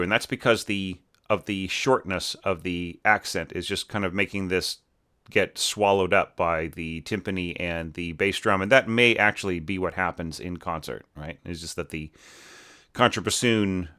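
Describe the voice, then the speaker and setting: A man with a low voice and a bright, forceful edge talks through a score as an orchestration teacher. He thinks out loud, restarting sentences and tagging them with "right?" and "you know". It sounds like an unscripted desktop-mic review. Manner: thinking aloud with many fillers and restarts. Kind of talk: casual spoken score review.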